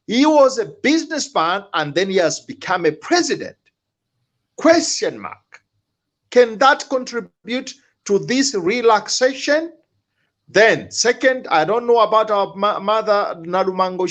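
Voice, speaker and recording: Man, panelist, high voice, impassioned, halting repetitions. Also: fairly bright tone. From Zambia. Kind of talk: political panel discussion.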